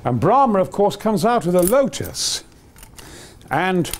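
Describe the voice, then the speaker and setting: Excitable older man, lively high voice. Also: unhurried. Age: 80s. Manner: rambling, digressive, enthusiastic. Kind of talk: reminiscing storytelling.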